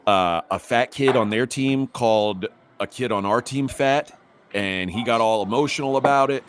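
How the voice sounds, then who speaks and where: A man's voice: mid-range voice, moderate pace, a little hiss or hum. A middle-aged man hosting a podcast, telling a rambling story with many restarts and growing heated. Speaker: podcast host. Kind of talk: casual storytelling.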